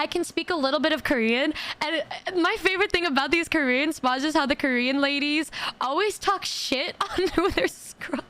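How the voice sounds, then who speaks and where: A woman streamer with a high voice tells a story during a casual chat. She stammers and repeats words, quoting other people in animated voices.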